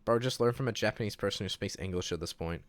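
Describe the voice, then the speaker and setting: A young man with a New Zealand accent, chatting casually on a livestream and reading chat aloud, relaxed, laughing easily and restarting his sentences. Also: lowish voice, fast, dry recording, studio quality. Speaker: streamer.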